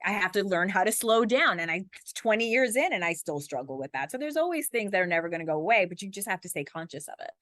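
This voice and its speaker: Fast-talking woman journalist, dry sound. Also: mid-range voice, no room sound. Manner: fast-talking, animated, acts out little scenes. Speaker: TV journalist and guest. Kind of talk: conversational interview.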